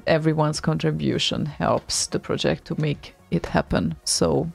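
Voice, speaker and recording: A woman's voice: sits low, unhurried, vocal fry, husky, soft background music. A woman co-hosting an online radio show, chatting casually with a hesitant, laughing manner.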